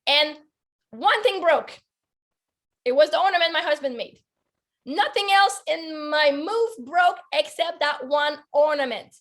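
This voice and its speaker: Appearing as a guest, a life coach with a high, fairly bright voice speaks unhurriedly, sharing a heartfelt personal story in an earnest manner peppered with "like." Her audio comes through a video call.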